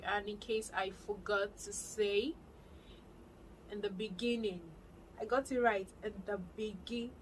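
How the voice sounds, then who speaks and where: Animated Nigerian woman vlogger. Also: mid-range voice, unhurried, a little hiss or hum, rough recording. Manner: animated, excitable storyteller. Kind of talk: casual storytelling to camera.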